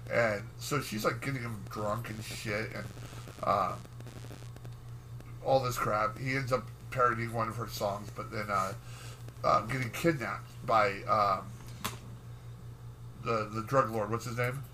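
Bright-voiced man rambling on a podcast. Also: fairly low pitch, a little hiss or hum, poor audio. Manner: rambling, profane plot recap with filler words. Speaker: podcast co-host. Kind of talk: casual chat.

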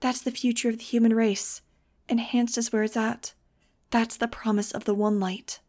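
A woman's voice: on the high side, flat delivery, normal speed, a little mellow, lightly acted. A woman voicing a serene, smiling teenage girl rallying a cult crowd from a stage, in a storybook reading.

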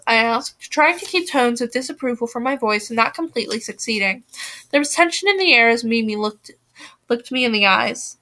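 A woman reading a novel aloud, steady, with small slips and restarts. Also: fairly high pitch, moderate pace. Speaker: reader.

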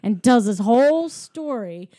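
A higher-pitched woman with a warm, mellow tone. She retells a movie scene by scene, slipping into voices for each character and laughing along the way. The sound is dry and close. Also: a little slow, no room sound. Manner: animated storyteller, acts out lines, laughs often. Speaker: co-host recapping a film. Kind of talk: casual chat.

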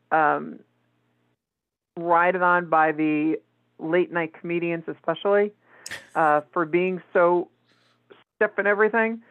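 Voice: medium pitch, dry recording. Host on a tinny phone-like line. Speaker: interview host. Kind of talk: casual interview talk.

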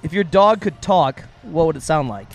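A man co-hosting a casual podcast, teasing his guest and quick to laugh. His voice sits a little on the high side. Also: animated. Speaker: podcast co-host.

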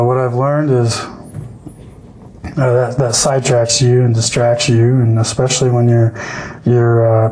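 A man's voice: medium pitch, a little mellow, slight background noise, rough recording. A young man on a podcast, talking casually and hesitantly, often restarting his sentences. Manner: hesitant, many restarts and fillers. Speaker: podcast guest.

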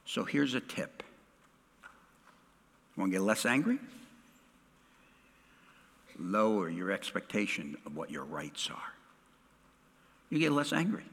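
A middle-aged male pastor preaching a sermon, swinging dramatically from loud to hushed. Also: lowish voice, big pitch swings, slow pace, creaky, long pauses, breathy edge, long reverb tail.

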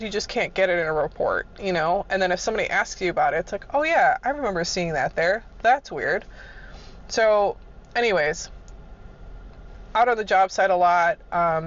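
A person telling job-site stories in a casual, rambling way, full of side notes, fillers and acted-out reactions. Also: medium pitch. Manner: expressive, acts out reactions with gasps. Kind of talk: casual storytelling. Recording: dull recording with faint noise. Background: loud car passing at times.

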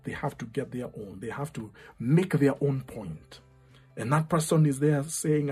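Husky-voiced man preaching a sermon. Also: medium pitch, a little slow, soft background music. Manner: impassioned, repeating phrases, dropping to a hush.

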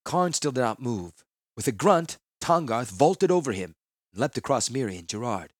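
A man narrating a fantasy audiobook in a solemn, measured manner. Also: medium pitch, very animated, no room sound.

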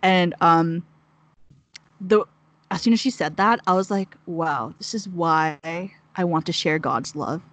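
A woman's voice: lowish voice, a little slow, fairly bright tone, no echo. A young woman telling a heartfelt story in casual chat, rambling with many "like"s. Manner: rambling, heavy use of "like", emotional storytelling. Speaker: guest sharing a mission story.

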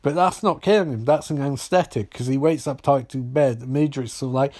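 A man's voice: mid-range voice, a little fast, few pauses, darkish tone. A young man casually recapping a TV episode, swearing often and rambling through jokey asides.

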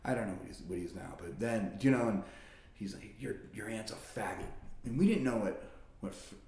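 A man in casual conversation, telling stories about his childhood. He swears freely and breaks into high-pitched impressions of family members. His voice carries a roomy echo. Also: brisk, dark tone.

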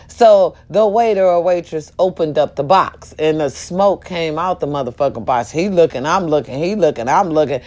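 Woman vlogger, casual and profane, lowish voice, animated storyteller. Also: normal speed, hardly any pauses. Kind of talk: casual talk to viewers.

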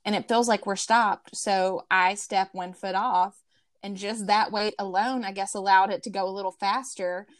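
A woman's voice: medium pitch, moderate pace, no room sound. Dry close woman telling a funny story. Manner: animated, acts out quoted voices, laughs through the story. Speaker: podcast co-host. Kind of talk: casual storytelling chat.

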